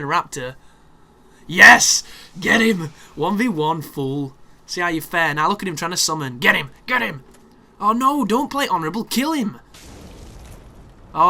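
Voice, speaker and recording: A young man commentating on his own gameplay, excitable and sweary, with sarcastic asides. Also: fairly high pitch, a little hiss or hum. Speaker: gaming commentator.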